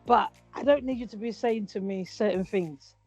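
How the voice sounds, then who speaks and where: A woman, co-hosting a casual chat and telling stories with lively acted-out quotes. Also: mid-range voice, normal speed. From Britain. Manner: animated storytelling, acts out quotes. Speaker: podcast co-host. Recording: dull lo-fi sound with faint music.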